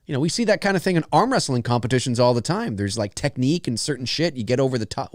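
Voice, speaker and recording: A man's voice: medium pitch, animated, fast talker, few pauses, no echo, studio quality. A man hosting a live movie commentary, talking casually in a rambling, chatty way, laughing often and swearing freely.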